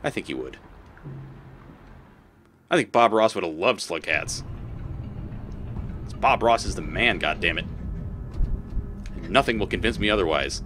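A let's play host gives casual gameplay commentary in a low, animated voice at a measured pace with long pauses, swearing often and talking back at the creatures on screen. There's a little hiss or hum in the audio.

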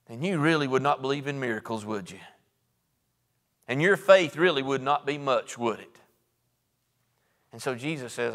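A man with a Southern American accent preaching a sermon in folksy storytelling style, acting out Bible figures and moving between soft low asides and raised, emphatic preaching. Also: moderate pace, long pauses, in a large hall. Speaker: pastor. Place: church sanctuary.

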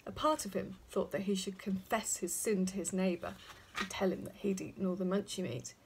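A woman reading a children's story aloud, speaking gently and addressing young listeners directly. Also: medium pitch, steady tone, brisk, a little hiss or hum.

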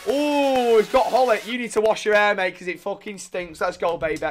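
A young man with a high voice narrates his football matches as he plays, swearing freely and yelling at his opponents. His commentary swings into frustrated rants, with faint music under his talk. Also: fairly quick, hardly any pauses. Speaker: gaming YouTuber. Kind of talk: live gameplay commentary.

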